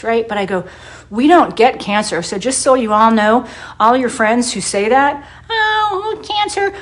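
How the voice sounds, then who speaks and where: A hairdresser in middle age who also advocates for wellness gives a heartfelt, foul-mouthed monologue straight to camera in a medium-pitched voice. She is blunt and emphatic, re-enacting what she said to others and saying key things more than once.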